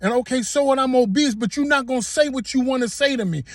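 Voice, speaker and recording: Guy with a high voice telling a story to camera, emphatic, keeps repeating himself, dry sound. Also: fast talker, fairly bright tone, no room sound. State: getting emotional. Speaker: vlogger.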